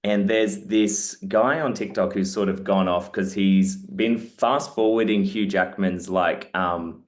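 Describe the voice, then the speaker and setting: A man's voice: deep voice, steady tone, takes it slowly. A man interviewing a guest, eager and full of fillers. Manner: eager, uses lots of fillers. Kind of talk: interview conversation.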